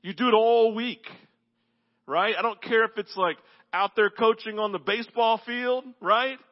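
A male pastor with a notably high voice delivers a sermon full of lively stories. He swings from excited bursts down to a quiet, intense near-whisper. The audio sounds dull and lo-fi. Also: unhurried. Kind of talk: sermon with storytelling.

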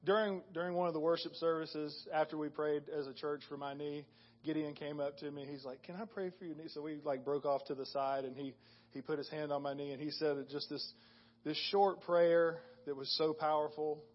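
A man sharing an earnest, halting testimony with a church congregation, in a casual spoken way with restarts. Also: on the high side, level tone, lo-fi sound.

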